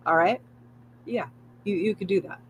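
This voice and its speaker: A woman's voice: mid-range voice, normal speed, slightly rough, poor audio. Soothing woman guiding a spiritual livestream. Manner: soothing, repetitive affirmations with swearing and laughter. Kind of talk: live spiritual guidance talk.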